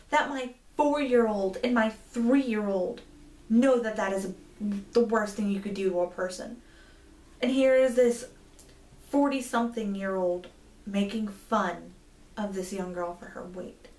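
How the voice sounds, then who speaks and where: A woman's voice: medium pitch, a little mellow, roomy sound, recorded from a distance. A woman in her twenties telling a story to camera, indignant and rambling, with many fillers. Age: 20s. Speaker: vlogger. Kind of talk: storytime vlog.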